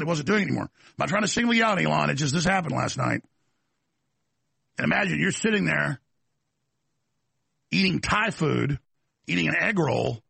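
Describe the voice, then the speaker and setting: A man's voice: a little high, vocal fry, fairly bright tone, husky, dry recording. A middle-aged man hosting an opinionated commentary show, ranting heatedly and acting out the voices he quotes. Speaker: talk show host.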